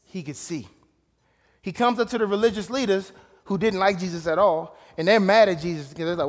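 A man preaching a sermon, casual and direct, dropping to low asides and rising to shouted emphasis. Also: fairly quick. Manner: casual, calls out to listeners. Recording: long hall reverb.

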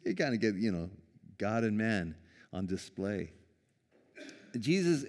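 A man preaching a sermon in a casual, conversational way, lively when quoting and quick to chuckle. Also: on the low side, in a large hall. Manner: conversational, animated when quoting, with small laughs and restarts. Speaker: pastor.

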